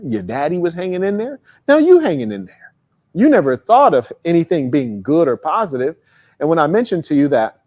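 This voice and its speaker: A man hosting a casual motivational monologue, talking bluntly and profanely with animated storytelling. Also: a little high. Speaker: host.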